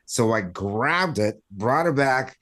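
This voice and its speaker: A middle-aged man tells a story from his studio days. His voice sits at a middling pitch, and he acts out the voices of the people in the story. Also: slow pace. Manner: animated, acts out quoted voices. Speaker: audio engineer guest. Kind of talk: storytelling anecdote.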